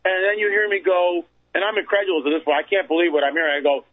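A man with a fairly high voice holds forth as a radio guest. He tells his story emphatically and repeats phrases to drive points home. His voice comes through a thin, tinny phone line. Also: steady tone, fast. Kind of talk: storytelling on a call-in radio show.

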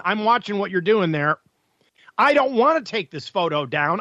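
Radio host guy ranting, sarcastic, pitched high, dry close mic. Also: fairly bright tone, no room sound, muffled recording. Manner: combative, sarcastic, with rhetorical questions. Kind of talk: opinionated radio monologue.

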